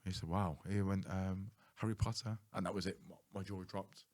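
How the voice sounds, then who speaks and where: A man's voice: low voice, steady tone, normal speed, darkish tone. A man hosting a podcast, telling a story in a chatty way, laughing and swearing casually. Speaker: podcast host.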